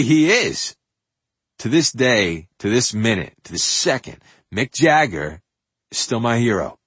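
Husky older man narrating his memoir. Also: lowish voice, no echo. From New York. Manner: animated, profane, swings from loud outbursts to hushed asides.

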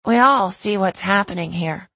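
A woman's voice: mid-range voice, normal speed, pushed and bright, breathy edge, no echo. A woman voicing a blunt, teasing young woman with a slight Southern accent.

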